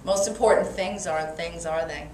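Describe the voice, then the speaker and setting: A woman's voice: lowish voice, moderate pace. Brooklyn woman speaking in an echoey room. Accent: New York (Brooklyn). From Brooklyn, New York. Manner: energetic, playful, calls for audience response. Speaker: motivational speaker. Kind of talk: motivational talk to a live audience. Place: meeting room with an audience. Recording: echoey room from far off, faint noise.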